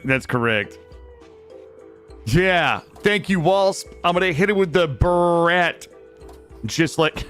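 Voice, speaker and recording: A man's voice: a little high, extremely slow, pauses often, fairly bright tone, faint music behind. A young man streaming a game, chatting playfully with his viewers and swearing casually. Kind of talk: casual gaming stream chat.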